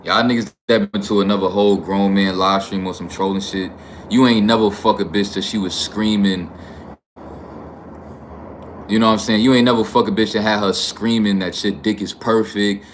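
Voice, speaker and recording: A man's voice: fairly low pitch, steady tone, moderate pace, slight background noise. A man from New York hosting a livestream, talking bluntly and profanely in a rambling, casual way. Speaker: livestream host.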